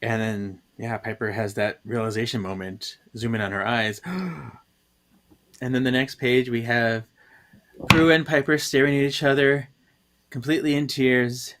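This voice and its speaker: A man's voice: mid-range voice, steady tone, moderate pace, a bit bright, slight background noise. A man co-hosting a podcast, emotionally recapping a comic with gasps and laughter. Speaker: podcast co-host. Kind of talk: casual chat, recapping a comic.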